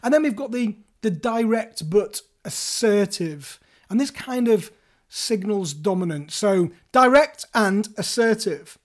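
A man's voice: high-pitched, lively intonation, a little slow. A man hosting his own podcast, talking listeners through negotiating skills in a playful, chatty way that speaks straight to them. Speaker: podcast host. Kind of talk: solo podcast coaching talk.

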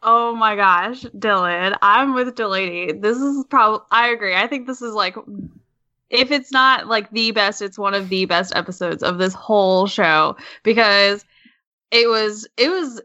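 Female podcast guest, bright smooth voice, rambling fan, dry lo-fi sound. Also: mid-range voice, measured pace, no echo. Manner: enthusiastic, rambling with many fillers. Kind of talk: casual podcast chat.

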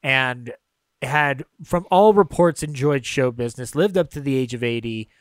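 A man's voice: medium pitch, normal speed, dry recording. A man co-hosting a podcast, talking through a film in a casual, digressive way and swearing freely. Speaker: podcast co-host.

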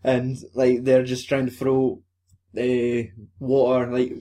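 A man's voice: medium pitch, completely flat delivery, takes it slowly, mellow. Sweary young man rambling. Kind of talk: casual film recap chat.

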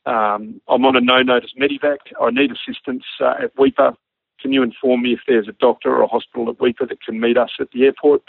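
Australian male storyteller, gravelly, dry phone-like sound; acts out radio calls and laughs through the tale. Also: medium pitch, level tone, quick pace, no echo. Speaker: former army helicopter pilot telling a story. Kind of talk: casual anecdote.

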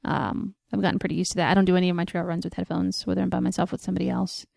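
A young woman co-hosting a podcast, chatting casually and filling pauses with "like" and "um". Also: fairly low pitch, steady tone, vocal fry, darkish tone, no echo, clean studio sound. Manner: chatty, lots of "like" and "um". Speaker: podcast co-host. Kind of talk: casual chat.

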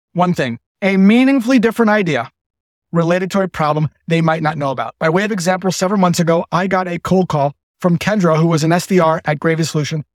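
A man's voice: high-pitched, no room sound, studio quality. A man coaching salespeople in a short, direct monologue, telling a story with quoted dialogue.

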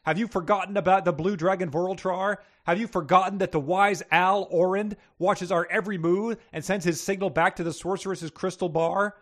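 A man's voice: sits high, fairly even intonation, brisk, few pauses, pitched above the performer's own voice. A man voicing a huge, angry male panther in a read-aloud story. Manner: growling, angry.

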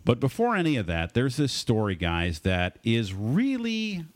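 A man's voice: mid-range voice, wildly swooping pitch, a little slow. A man hosting a radio talk show, giving upbeat announcer patter about the program and its guests. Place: radio studio.

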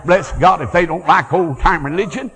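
An older man preaching a fiery revival sermon, moving from quiet storytelling to shouted praise. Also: on the high side, moderate pace, poor audio. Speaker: evangelist.

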